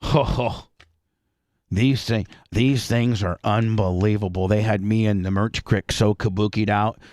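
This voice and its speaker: A man's voice: lowish voice, unhurried, no room sound, clean studio sound. Rambling man spinning a crude story. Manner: rambling, animated, crude slang. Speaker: radio show host. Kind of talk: casual storytelling on talk radio.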